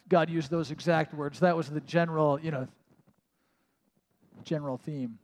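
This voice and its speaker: Casual pastor preaching in a reverberant hall. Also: male voice, on the high side, steady tone, normal speed, pauses often, a little mellow. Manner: casual and self-mocking, many "like" asides. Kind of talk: conversational sermon. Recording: long reverb of a large hall.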